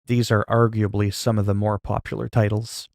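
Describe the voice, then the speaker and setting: Low, gravelly, laid-back male streamer. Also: no room sound, clean studio sound. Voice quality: sleepy-sounding, flat delivery. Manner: low-key, calm and unhurried, not hyped. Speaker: livestreamer. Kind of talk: casual live-stream chat with viewers.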